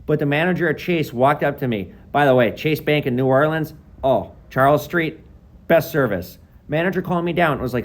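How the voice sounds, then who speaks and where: A young adult man who runs a shop, telling a story to camera in a quick, emphatic way and acting out what people said. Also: a little high. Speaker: shop owner and video creator. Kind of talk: storytelling vlog monologue.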